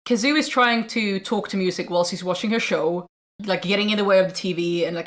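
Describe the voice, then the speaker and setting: A woman's voice: medium pitch, fast talker. Chatty woman recapping a film. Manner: animated recapping with frequent restarts and acted-out quotes. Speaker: podcast co-host. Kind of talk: casual film review chat.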